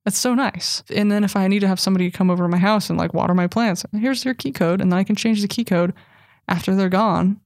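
A woman speaking as an interview guest, an animated storyteller with wry asides, talking casually about technology. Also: mid-range voice, fast talker, no echo, clean studio sound. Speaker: guest, cyborg anthropologist.

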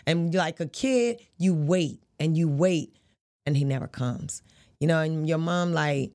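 A woman's voice: on the low side, animated, unhurried, darkish tone. A woman, a boxer as guest, telling her life story frankly in casual, vernacular speech. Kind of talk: candid interview storytelling.

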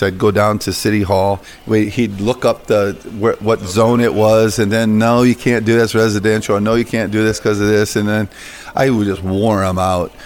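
Low-voiced middle-aged man telling a story. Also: a little hiss or hum. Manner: rambling, filler-heavy anecdotes. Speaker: interview guest, coffee business founder. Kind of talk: casual interview storytelling.

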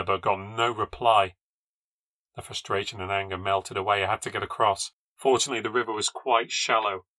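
A man reading a first-person ghost story aloud for a podcast, in a measured, low-key storytelling voice that lifts at tense moments. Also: pushed and bright, no echo.

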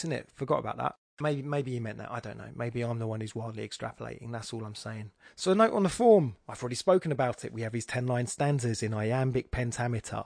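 A man's voice: medium pitch, moderate pace, creaky, a little mellow, dry recording, clean studio sound. A man hosting a podcast, analysing a poem aloud in a musing, discursive way with wry, self-mocking asides. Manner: musing, thinking aloud with frequent restarts. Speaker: podcast host. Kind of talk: spoken poetry analysis.

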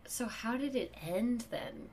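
A young woman with a New York accent telling a story on a casual podcast, animated and swearing, acting out the people in it. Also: a little high, slow pace, crowd noise. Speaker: comedian guest.

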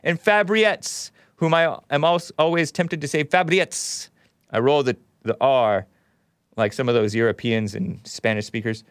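A man's voice: medium pitch, moderate pace, clear, resonant tone, no echo, clean studio sound. A man hosting a call-in show, talking in a rambling way that often breaks off and laughs. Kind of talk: casual call-in talk.

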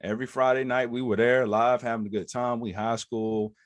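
A man's voice: mid-range voice, brisk, no echo. A man in his thirties, a former football player, telling a story as a podcast guest, acting out other people's lines in raised voices. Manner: lively storyteller who acts out quotes in raised voices. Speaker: former NFL running back, podcast guest. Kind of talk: animated storytelling in an interview.

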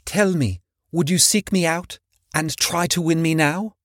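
A man voicing a gentle young woman who speaks softly and sadly, in an audiobook reading. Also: fairly high pitch, unhurried, no echo, clean studio sound. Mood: sorrowful. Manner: soft, gentle pleading.

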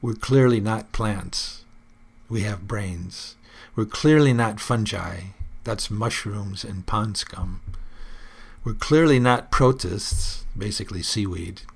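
A man's voice: on the low side, slow pace, creaky, breathy edge. A man hosting his own personal report, musing aloud in an earnest, casual monologue.

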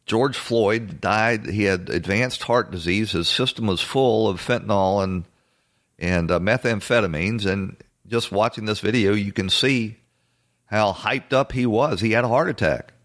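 A man hosting a political commentary show, talking bluntly and assertively in a halting way with frequent fillers and restarts. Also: lowish voice, fairly bright tone. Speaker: host.

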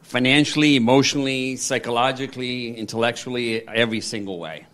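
A man's voice: mid-range voice, fairly even intonation, fairly quick, a bit bright. A man in a candid conversation, rambling with many fillers and restarts and acting out quoted dialogue. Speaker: interviewee.

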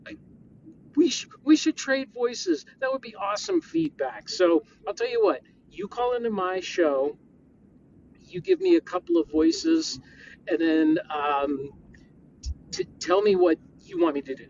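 Brief: middle-aged man, animated pitch, enthusiastic and rambling, dull lo-fi message with faint hiss. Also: measured pace, gravelly. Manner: enthusiastic, rambling, jumps into voices. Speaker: podcaster and game master leaving a listener message. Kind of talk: casual recorded voice message.

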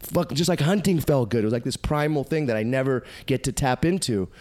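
Profane, animated male storyteller. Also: medium pitch, brisk. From United States. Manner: animated, profane, acts out quoted voices. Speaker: podcast guest. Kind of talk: casual storytelling.

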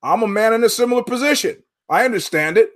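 A man with a high-pitched voice hosts his own show alone. He talks in loose, digressive commentary, wandering between stories. His tone is sardonic, and he swears without hesitation. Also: lively intonation, fast talker. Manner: profane, digressive, sardonic storyteller. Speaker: podcast host. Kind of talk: rambling solo commentary.

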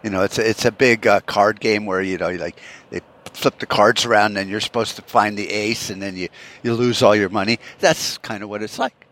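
A man's voice: on the low side, steady tone, brisk, fairly bright tone. A man hosting a solo podcast rant, profane and rambling, full of fillers and restarts. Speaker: podcast host.

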